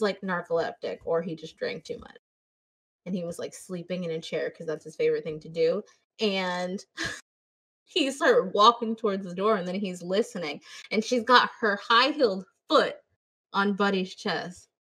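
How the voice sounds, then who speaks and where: A woman's voice: medium pitch, animated, moderate pace, fairly bright tone, slightly rough. A woman hosting a podcast, casually retelling a movie with plenty of swearing and quoted voices. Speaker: podcast host. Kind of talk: casual movie-review chat.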